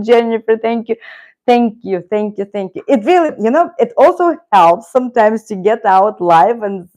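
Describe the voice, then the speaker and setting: A woman's voice: fairly high pitch, darkish tone. A woman with a Russian accent hosting a casual livestream chat, chatty and greeting viewers by name. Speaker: livestream host.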